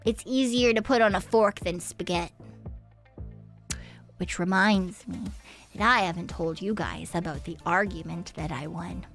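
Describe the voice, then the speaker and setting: A woman's voice: lowish voice, moderate pace, a bit bright, faint music behind. A young woman from Canada, streaming a game and chatting casually, rambling and swearing freely as she tells a story with giggles. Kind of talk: casual chat while gaming.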